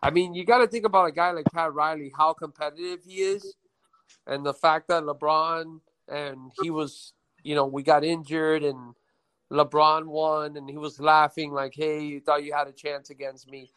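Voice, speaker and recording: A man's voice: on the high side, steady tone, normal speed, fairly bright tone, no echo, rough recording. A man talking casually and at length about basketball, thinking aloud with many fillers. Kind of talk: casual sports chat.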